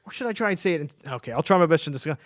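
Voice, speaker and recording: A man co-hosting a relaxed sports talk show, his voice sitting a little high for a man. He talks with eager enthusiasm, laughs easily and often stops to restart his sentences. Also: rapid-fire. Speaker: sports podcast co-host. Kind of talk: casual sports chat.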